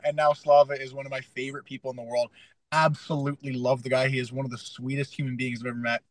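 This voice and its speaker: A man's voice: mid-range voice, fairly even intonation, fast, dry recording, low-quality recording. A young adult man from Canada, a fighter and coach, telling a story in a casual interview and acting out his own past lines with energy.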